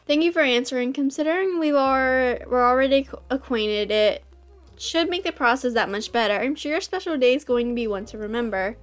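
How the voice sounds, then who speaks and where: A woman reading the lines of a courteous young male wedding planner in a visual novel, in a measured, formal manner. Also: sits high, close to an everyday voice. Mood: polite.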